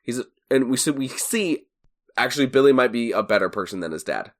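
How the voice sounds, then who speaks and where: A man's voice: medium pitch, lively intonation, a little fast. A man co-hosting a podcast, chatting casually and analysing a series, now and then acting out characters' lines. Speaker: podcast co-host. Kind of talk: casual chat.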